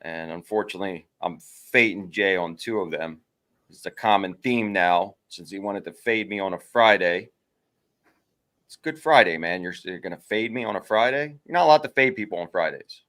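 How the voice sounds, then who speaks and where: A man's voice: low voice, moderate pace, pushed and bright. A man co-hosting a casual sports betting show, giving his picks with playful, mock-indignant banter.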